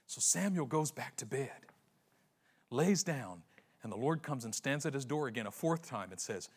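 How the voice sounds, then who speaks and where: A man preaching a sermon, retelling a story with slangy acted-out voices and dramatic pauses. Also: mid-range voice, lively intonation, fairly bright tone, breathy edge. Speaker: pastor.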